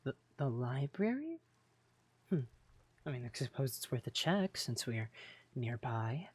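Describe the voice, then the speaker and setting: A man's voice: medium pitch, sing-song, unhurried, slightly rough. A man voicing London, a skeptical woman in a game roleplay who talks bluntly and dismissively. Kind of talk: voiced Minecraft roleplay dialogue.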